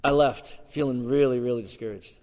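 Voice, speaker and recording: A man in his sixties, a guest pastor, preaching a sermon and telling his personal story in an animated way, with sudden swings between loud and soft. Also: mid-range voice, fairly quick, long reverb tail. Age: 60s. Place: church sanctuary.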